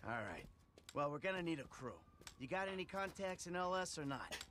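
A man's voice: sits high, fairly quick. A man voicing a weary, sardonic middle-aged male ex-robber, blunt and sarcastic. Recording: game audio with steady noise.

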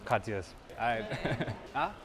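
A young man from Germany, speaking English with a German accent at an ordinary mid pitch. He hosts a casual food-tasting vlog, reacting bluntly and with good humor. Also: animated, drawn-out words, reverberant. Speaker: vlogger host.

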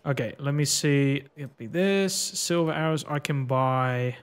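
A man's voice: mid-range voice, measured pace, smooth. A man streaming a video game, thinking aloud with casual, profane commentary and frequent laughs. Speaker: gaming streamer.

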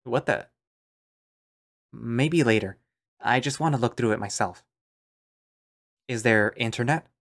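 A man's voice: medium pitch, a little slow, long pauses, fairly bright tone. A man narrating an audio drama in first person, musing and understated.

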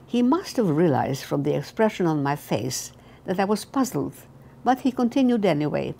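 An elderly woman in her eighties reading her own memoir aloud, slow and halting, with frequent restarts. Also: fairly low pitch, very animated, vocal fry, warm tone. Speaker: memoir author.

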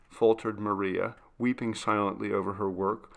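A man reading a classic ghost story aloud in a steady, measured style of scripted narration. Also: fairly low pitch, vocal fry. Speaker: audiobook reader.

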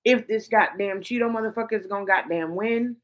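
A woman's voice: medium pitch, fairly quick. A woman hosting a commentary show, ranting heatedly and swearing emphatically. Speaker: host.

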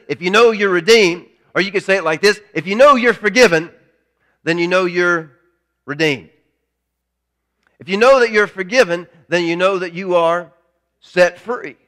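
A man's voice: high voice, sharp tone. A male pastor preaching a sermon, emphatic, repeating key lines and asking rhetorical questions.

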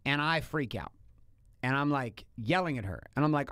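A man co-hosting a relationship podcast, telling a story in a blunt, animated way and swearing casually. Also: mid-range voice, moderate pace, no room sound, clean studio sound. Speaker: podcast co-host.

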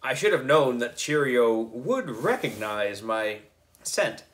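A man reading a children's book aloud, narrating in an expressive, deliberate storytelling manner. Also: mid-range voice. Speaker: book club reader.

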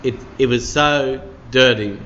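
A man's voice: mid-range voice, unhurried, a bit bright, slight background noise. A man, preaching a midweek sermon as a pastor in a chatty storytelling way, full of "you know" and "sort of".

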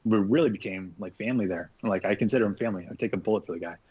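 A man with a lowish voice tells a long story in a relaxed, casual way. He stays animated, acting out what others said and swearing freely. The recording sounds dull and lo-fi. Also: rapid-fire, husky. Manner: animated, acts out quoted speech, swears freely. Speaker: podcast guest, artist.

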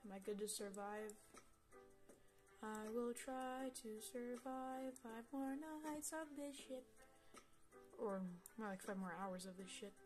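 A woman giving casual let's-play commentary, excitable, swearing and talking straight to the game characters. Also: on the high side, slow pace, soft background music. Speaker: gameplay commentator.

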